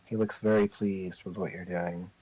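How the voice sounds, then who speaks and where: A man narrating a tabletop game as game master, telling the story in a slow, drawn-out way. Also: low-pitched, level tone, warm tone, slightly rough, dry recording. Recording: dull lo-fi recording.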